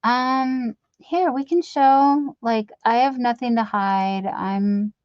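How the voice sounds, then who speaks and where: A woman's voice: a little high, slow, no echo. A woman hosting a casual live stream, rambling as she reads viewers' chat aloud and teases herself. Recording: dull lo-fi stream audio.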